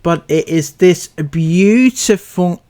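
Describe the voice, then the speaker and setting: A man's voice: sits high, slow, dark tone. A man hosting a commentary video, making dry, mocking asides about vlog clips. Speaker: commentary YouTuber.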